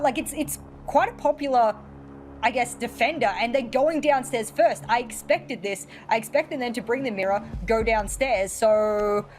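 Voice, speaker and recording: A woman casting a live esports match, lively and teasing, making confident calls. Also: a little high, slight background noise. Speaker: esports caster. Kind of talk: live esports play-by-play commentary.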